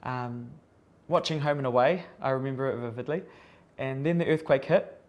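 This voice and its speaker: A man's voice: medium pitch, normal speed. New man, mid-range voice, casual wry interview recollection. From New Zealand. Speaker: makeup artist.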